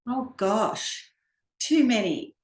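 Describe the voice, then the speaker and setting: A woman with an Australian accent, an author answering interview questions over a video call in a relaxed, friendly way. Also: a little high, very slow, roomy sound.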